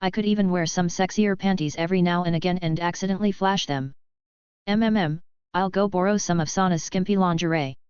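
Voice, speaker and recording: A woman's voice: fairly low pitch, fairly quick, darkish tone, clear, resonant tone, no room sound. A woman narrating a novel in the first person, with a casual, snarky manner. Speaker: audiobook narrator. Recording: dull lo-fi audio.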